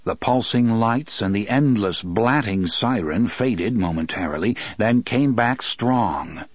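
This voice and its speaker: A man narrates an audiobook with a steady, measured delivery. His voice is low and husky. The recording is dry and close. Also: dry recording. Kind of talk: scripted narration.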